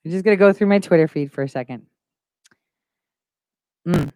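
A mellow, low-leaning voice at normal speed belongs to a livestream host who insists on her points and repeats them for stress. The recording is dry and clean, of studio quality.

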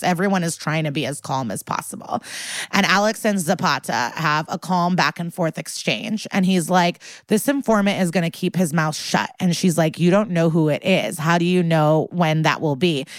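This podcast co-host is a woman whose voice sits low, heard in a dry recording. She recaps a TV episode in lively, casual chat, performing the characters' lines as she tells it.

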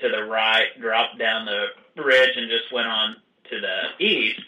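A man tells how his hunt went in a plain, steady manner. His voice is bright. He sits back from the microphone, so the room echoes around him. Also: fairly low pitch, a little slow, far from the mic, dull audio. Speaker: guest hunter. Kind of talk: casual storytelling.

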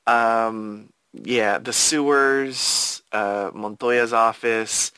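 Slow-talking, bright-voiced male podcast co-host. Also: expressive, smooth, dry recording. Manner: enthusiastic, swooping pitch, playful asides. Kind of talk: casual chat.

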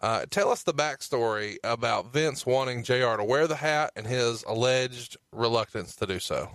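Male host, relaxed, feeds questions to his guest; dry and close. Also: medium pitch, moderate pace, dry recording. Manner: reads quotes and steers questions, easygoing. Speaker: podcast host. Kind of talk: casual podcast hosting.

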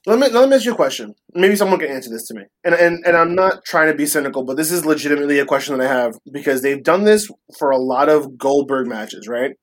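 A man's voice: on the high side, expressive, fast talker, hardly any pauses. A man in casual chat who asks earnest questions about a wrestling match. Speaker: wrestling podcast co-host.

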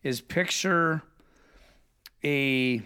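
A middle-aged man talking bluntly in a casual chat, telling stories with swearing and quick impressions of other people. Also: on the high side, clear, resonant tone. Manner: blunt, profane storytelling with lively impressions.

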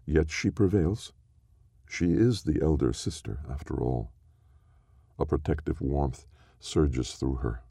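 A man narrating a story in a slow, measured, solemn reading. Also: very deep voice, creaky, mellow, breathy edge, dry recording, studio quality.

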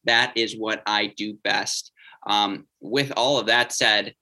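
A man's voice: lowish voice, steady tone, slow pace, bright, forceful tone, no room sound. A man hosting a casual late-night podcast over a remote call, telling stories animatedly and laughing often. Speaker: podcast host.

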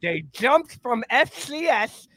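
A man doing an impression of an excitable older male football coach, drawing out his words with emphasis. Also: very high voice, dry recording, pitched above the performer's own voice, heavily acted. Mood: emphatic. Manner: slow, emphatic, drawn-out delivery.

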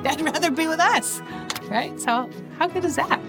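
A middle-aged woman on a panel, explaining her view in a reflective, steady way. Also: sits high, normal speed, music in the background. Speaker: panel guest. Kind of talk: panel conversation.

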